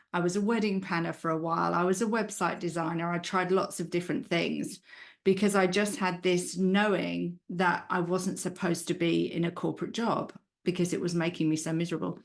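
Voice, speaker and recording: A woman's voice: on the low side, steady tone, moderate pace, vocal fry. Woman with a British-Australian accent. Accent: hybrid British-Australian. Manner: chatty, storytelling. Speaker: guest, human design coach. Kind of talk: conversational interview answers.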